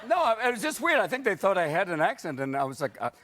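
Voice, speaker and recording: A man's voice: high-pitched, very animated, fast, a bit bright. A middle-aged man, a comedian guest on a talk show, talking in a manic way and jumping into silly voices. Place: television studio with audience. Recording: noisy studio with audience laughter.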